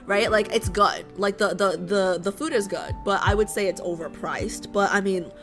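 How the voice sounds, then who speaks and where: A woman's voice: medium pitch, moderate pace, music in the background. A woman streamer chatting casually with her viewers, rambling and often asking them questions. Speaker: live streamer. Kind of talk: casual live-stream chat. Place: home streaming setup in New York.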